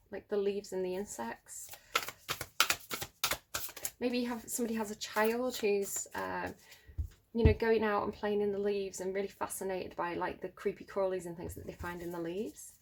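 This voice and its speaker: A woman's voice: medium pitch, fairly even intonation, moderate pace, gravelly, very noisy. A woman reading tarot cards to camera at home, musing and thinking aloud with many fillers. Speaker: tarot reader. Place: home room near a road.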